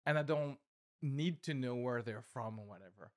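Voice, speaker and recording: A man, a comedian, reflecting in a casual podcast chat, measured and filling pauses with "like" and "uh". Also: medium pitch, no echo, clean studio sound. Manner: reflective, measured, with many fillers.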